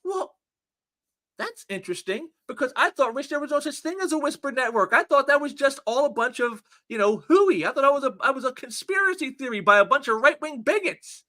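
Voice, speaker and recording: A commentary channel host goes through online posts casually, sneering and sarcastic, and stumbles into repeated words. His very high, bright voice swoops up and down in lively fashion, and he talks fairly quickly.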